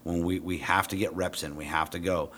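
A middle-aged man who trains police dogs, telling a story in a blunt, profane, casual way and jumping into animated quotes of himself. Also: low voice, fairly quick, slight background noise.

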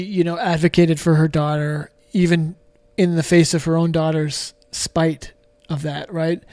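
Emotional man with a higher voice, dry sound. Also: a little mellow, no echo. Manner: emotional, halting, frequent restarts and fillers; swears casually. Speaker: podcast guest. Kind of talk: candid conversational storytelling.

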